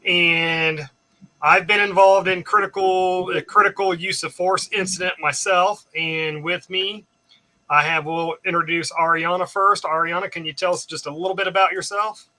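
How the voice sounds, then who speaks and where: A male livestream host welcomes viewers and introduces guests in a plain, direct way. His voice is high for a man, with a very bright, sharp tone. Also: fairly even intonation, normal speed. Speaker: host of a live chat. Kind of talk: livestream hosting.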